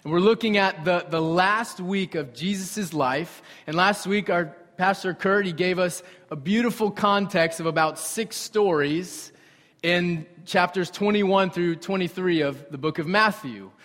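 A young man preaching a sermon with animated storytelling and conversational asides to the congregation. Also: high voice, measured pace. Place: church sanctuary. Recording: reverberant hall.

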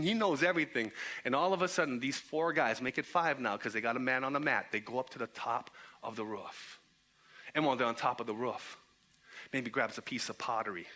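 A man's voice: high voice, husky. A young man preaching a storytelling sermon in a church, playfully acting out the people in the story. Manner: animated, playful, acts out the characters' voices. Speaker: guest preacher.

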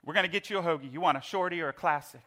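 Two easygoing, chummy helper guys put on by a man preaching a sermon, laid back and offhand, with a high, bright voice that climbs even higher as they talk over each other. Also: very fast. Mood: breezy. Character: two casual hungry male helpers.

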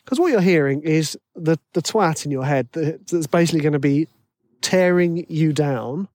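A man's voice: a little high, moderate pace, a little mellow, no echo, studio quality. A man talking casually and giving advice about writing music, chatty and self-deprecating. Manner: chatty, self-deprecating, acts out worried inner voices. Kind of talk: casual solo monologue.

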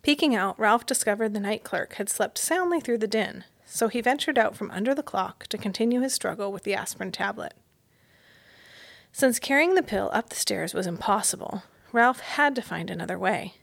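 A woman's voice: medium pitch, lively intonation, gravelly, no echo. Woman reading a children's book aloud. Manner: measured storytelling. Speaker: guest mystery reader.

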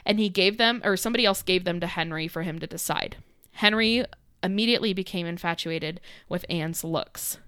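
A woman's voice: on the low side, a little fast, a bit bright, clean tone, dry recording, clean studio sound. A young woman casually telling a history story as co-host, chatty with fillers and giggles. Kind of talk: casual chat.

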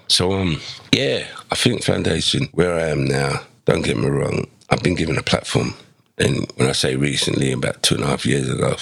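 A man tells his life story as a podcast guest, acting out the quoted lines in his anecdotes. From England. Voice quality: deep gravelly voice. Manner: animated, acts out dialogue with quoted voices. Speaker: podcast guest, former footballer. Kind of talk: conversational storytelling.

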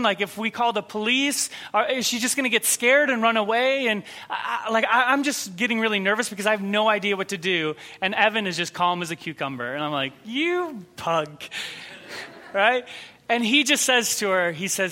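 A man preaching a sermon, telling a story and acting out the people in it, dropping to a soft, quiet voice for tender moments. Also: high-pitched, normal speed. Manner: storytelling, acts out quoted voices. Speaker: pastor.

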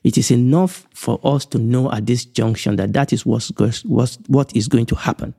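A man from Nigeria teaches the Bible for an online broadcast, and his voice has a warm, mellow tone. His delivery is measured and emphatic, and he circles back to repeat key phrases. He slows down deliberately whenever a point matters most. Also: mid-range voice, gravelly, slightly rough. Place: indoors, recorded for an online broadcast.

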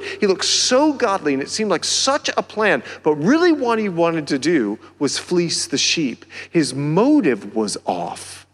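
Brief: Southern male pastor, lively swooping delivery, slightly high voice, preaching in a reverberant church. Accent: American Southern. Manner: animated, rising to near-shouts on key phrases. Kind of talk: sermon. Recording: long hall reverb.

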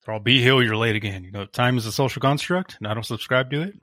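A man's voice: medium pitch, fast, sharp tone, no room sound. An easygoing young man co-hosting a podcast, with a mid-range voice and a dry sense of humor, laughing along as he talks. The recording is dry and close, with no room sound. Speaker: podcast co-host. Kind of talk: casual chat.

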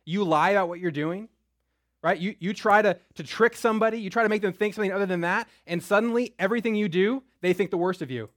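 A man's voice: high voice, quick pace, a bit bright, no room sound, clean studio sound. A young man teaching a Bible story in a casual style who keeps checking in with "right?". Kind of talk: lively Bible lesson.

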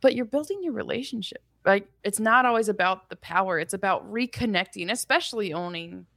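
Gravelly-voiced woman co-hosting a parenting podcast. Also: mid-range voice, a little fast, fairly bright tone, no echo, studio quality. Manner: candid, reflective, laughs at herself. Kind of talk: casual conversational storytelling.

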